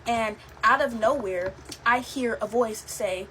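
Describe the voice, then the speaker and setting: A woman's voice: a little high, slow pace, fairly bright tone, low-quality recording. Young woman rambling thru creepy personal stories, chatty, lots of likes n ums, bit of hum. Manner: chatty, lots of fillers, laughs while telling. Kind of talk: casual storytelling to camera.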